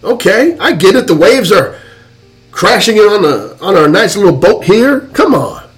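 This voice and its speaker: A man acting out Jesus as a calm, casual grown man, amused by his frightened friends. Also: sits high, normal speed, soft background music. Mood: bemused.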